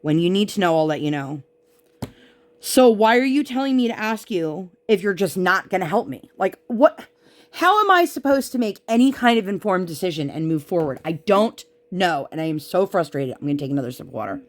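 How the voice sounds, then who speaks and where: A woman's voice: mid-range voice, animated, brisk. A woman vlogger chatting casually while she crafts, venting her frustration as she retells an argument.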